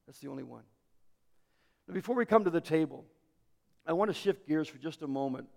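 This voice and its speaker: High-voiced gravelly pastor preaching. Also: male voice. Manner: dramatic storytelling, swings from loud to hushed. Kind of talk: sermon. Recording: hall reverb.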